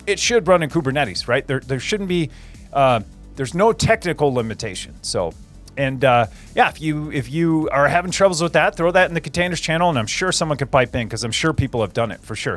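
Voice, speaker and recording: Man, young adult, fairly high voice, tech livestream host, rambly and repetitive, faint music bed. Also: a bit bright. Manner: rambling, repeats phrases, many fillers and restarts. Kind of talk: casual livestream chat answering viewers.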